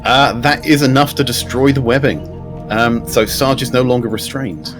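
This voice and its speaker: A man's voice: mid-range voice, moderate pace, over music. A man running a tabletop game as game master, describing scenes in an easygoing way and asking the players what they do.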